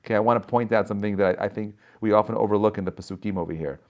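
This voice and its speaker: A man's voice: fairly low pitch, racing. Emphatic man asking rhetorical questions. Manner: animated storytelling with many rhetorical questions; peppers speech with "right?" and "okay?". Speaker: rabbi. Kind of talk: short inspirational Torah talk. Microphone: video call.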